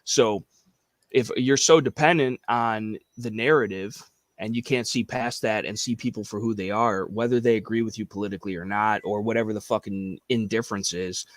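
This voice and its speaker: A man's voice: on the low side, steady tone, moderate pace, no room sound. Profane, rambling young man, dry sound. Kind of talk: casual livestream chat.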